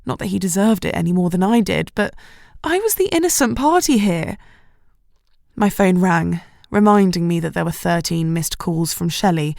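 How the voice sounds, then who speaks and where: A woman reading a romance audiobook in first person, in a wry, expressive storytelling manner. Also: on the low side, moderate pace, creaky, no echo, studio quality. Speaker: audiobook narrator. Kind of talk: first-person scripted narration.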